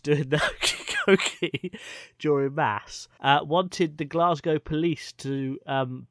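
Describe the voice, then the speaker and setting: A man's voice: mid-range voice, a bit bright, no echo. A man co-hosting a comedy podcast, joking and giggling through casual banter. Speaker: podcast co-host.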